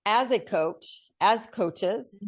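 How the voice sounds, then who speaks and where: A woman co-hosting a coaching podcast, speaking earnestly and directly, quick to laugh. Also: mid-range voice. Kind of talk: casual podcast chat.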